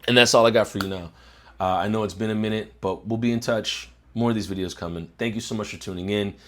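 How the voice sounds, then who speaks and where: A man's voice: lowish voice, fairly even intonation, quick pace, a bit bright. A young man hosting his own channel, giving a reflective motivational talk to camera, often repeating words as he searches for them, then stating points firmly. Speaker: host.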